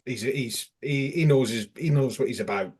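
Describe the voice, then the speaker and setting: A man on a fan podcast panel, speaking at a plain middle pitch. He jokes around and tells loose, anecdotal stories about going to the match. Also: normal speed, a little mellow, slightly rough. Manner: jokey and anecdotal. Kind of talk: casual chat.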